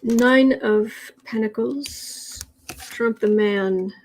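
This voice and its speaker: A woman's voice: on the high side, very slow, poor audio. A woman hosting a tarot and astrology livestream, chatting casually and reading out viewer comments with rambling restarts. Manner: chatty, rambling, with frequent restarts and soft laughs.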